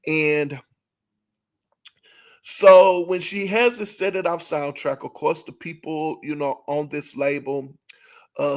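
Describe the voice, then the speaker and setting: Man, casual commentary host, slightly high voice, gravelly fry, rambling fillers and self-corrections. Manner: prone to amused laughter.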